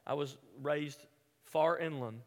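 A man from the American South preaching a sermon as a pastor, telling stories in an animated way and acting out quoted voices. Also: fairly high pitch, slow. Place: large church hall. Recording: hall reverb with music behind.

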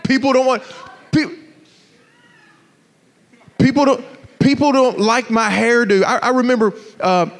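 A man preaching a sermon, telling personal stories in an animated, joking way and putting questions to the crowd. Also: extremely high pitch, a little slow, pauses often, in a large hall.

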